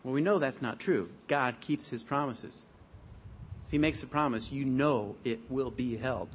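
A man preaching a sermon, reading scripture aloud in a measured, emphatic way. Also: medium pitch, a little hiss or hum.

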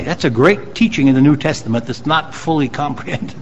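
A man preaches a sermon to his congregation, his voice sitting fairly high. He reads scripture aloud and lifts his voice to stress key lines, then explains them in a plainer tone. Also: brisk, poor audio. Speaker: pastor.

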